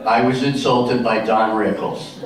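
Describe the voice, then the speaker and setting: Middle-aged guy doing stand-up, chatty joke storytelling, regular pitch, super echoey hall recorded from way back. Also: level tone, measured pace, distant mic, a crowd in the background. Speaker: stand-up comedian. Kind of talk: stand-up comedy routine. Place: stage in a senior community hall.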